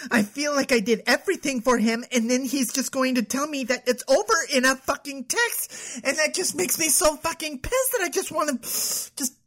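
A woman's voice: sits high, expressive, normal speed, fairly bright tone. A woman playing a self-absorbed young woman who vents to her therapist, whiny and furious, sighing a lot and filling her talk with "like". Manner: whiny, full of sighs and "like" fillers. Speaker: patient venting to a therapist.

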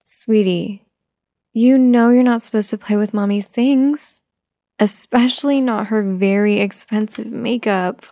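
A woman in a gentle mommy role-play, talking soothingly to an imagined toddler, sometimes whispering. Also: fairly high pitch, steady tone, a little slow, dry recording.

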